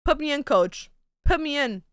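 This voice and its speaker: A woman's voice: sits high, lively intonation, moderate pace, no room sound, studio quality. A young woman streamer in casual chat, goofy and swearing freely as she tries out silly voices and animal sounds. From Canada.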